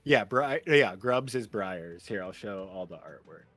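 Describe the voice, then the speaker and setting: A man running a tabletop game as game master over an online call, relaxed and halting with many fillers. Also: lowish voice, faint music behind.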